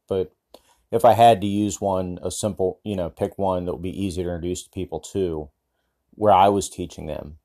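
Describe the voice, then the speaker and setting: Deep, warm-voiced male caller. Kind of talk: recorded voice message.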